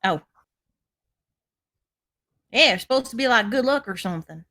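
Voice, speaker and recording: A woman's voice: fairly high pitch, expressive, moderate pace, pushed and bright. A woman acting as game master, narrating a tabletop game in a chatty, loose way with lots of asides.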